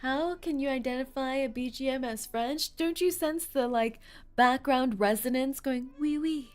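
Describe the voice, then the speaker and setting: Excitable high-voiced woman streamer. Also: moderate pace, clear, resonant tone, faint music behind. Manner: excitable, gasping, yelling, jokey. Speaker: game streamer. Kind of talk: casual let's-play commentary.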